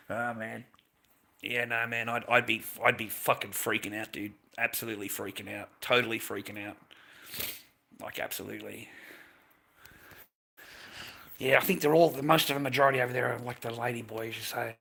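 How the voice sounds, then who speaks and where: Gravelly, crude man chatting live. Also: mid-range voice, fairly even intonation, fairly quick, sharp tone. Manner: blunt, profane, rambling, laughs often. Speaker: livestream host. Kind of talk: casual livestream chat.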